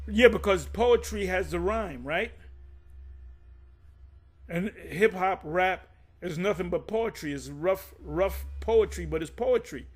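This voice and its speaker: A man with a fairly high voice teaches scripture in a loose, off-the-cuff way, stopping to read dictionary definitions aloud. He trips over his words and restarts often, then presses harder and louder to drive a point home. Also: unhurried. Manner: frequent restarts, addresses listeners directly. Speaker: religious teacher.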